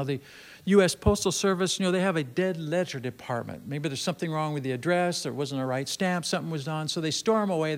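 A man preaching a sermon in an earnest way, repeating phrases and slowing down to stress key lines. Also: fairly high pitch.

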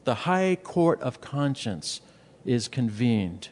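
Brief: male pastor giving a sermon, earnest and emphatic, slightly raised pitch, rhetorical questions. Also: animated, moderate pace, darkish tone, long reverb tail. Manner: repeats words when stressing a point.

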